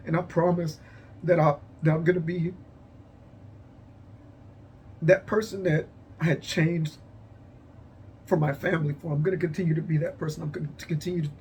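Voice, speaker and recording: A man telling a personal story as unscripted testimony, emotional and halting, repeating his phrases and sighing. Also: fairly high pitch, darkish tone, slight background noise. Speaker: vlogger sharing a personal story.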